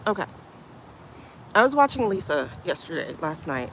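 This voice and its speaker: A woman hosting a spiritual livestream, talking in an emotional, halting way and often repeating herself. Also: lowish voice, very animated, a little hiss or hum. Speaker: livestream host, intuitive reader. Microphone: phone livestream.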